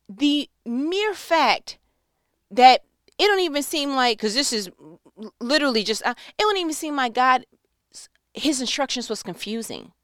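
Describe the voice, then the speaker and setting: Woman preacher, high lively voice, slangy and joking, dry sound. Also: dry recording. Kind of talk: casual sermon.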